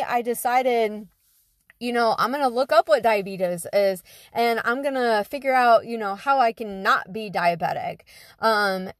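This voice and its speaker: A woman's voice: fairly high pitch, no echo, studio quality. A young woman telling a personal story in a casual, conversational way, full of fillers like "you know". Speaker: guest telling her story.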